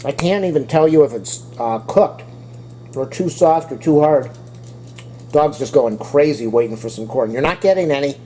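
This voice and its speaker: A man with a mellow, somewhat high voice talks to his viewers in a casual home cooking vlog. He chats along loosely, even speaking to his dog between bites. A faint hum of noise sits behind him in his kitchen. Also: moderate pace. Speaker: cooking vlogger.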